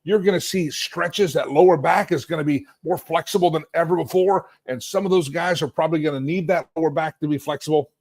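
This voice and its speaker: A middle-aged man hosting a live political talk stream from a hotel suite, sarcastic and animated, rambling and restarting as he goes. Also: a little high, brisk, hardly any pauses, no room sound. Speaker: talk show host.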